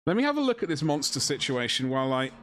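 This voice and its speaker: A man's voice: fairly high pitch, very animated, very fast, fairly bright tone, a little hiss or hum. A man chatting casually to a live-stream audience while painting miniatures, joking with mock outrage.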